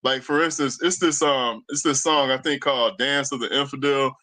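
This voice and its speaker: A man's voice: mid-range voice, steady tone, moderate pace, sharp tone, low-quality recording. A man who plays jazz, talking on a casual livestream panel. He speaks thoughtfully and searches for his words. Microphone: remote call mic.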